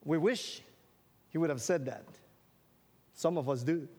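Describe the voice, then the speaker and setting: High-voiced male preacher in echoing hall. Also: a little slow, a little mellow, husky. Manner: stretches out scripture phrases for emphasis; asks the audience questions and tells jokes. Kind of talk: sermon. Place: large hall with an audience. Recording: long reverb of a large hall.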